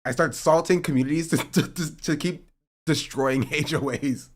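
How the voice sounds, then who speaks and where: A young man streaming live, chatting casually and joking sarcastically, and he sometimes rises into an animated rant. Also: on the high side, normal speed. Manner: joking and sarcastic, reading chat aloud; rising to animated ranting. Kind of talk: casual livestream chat.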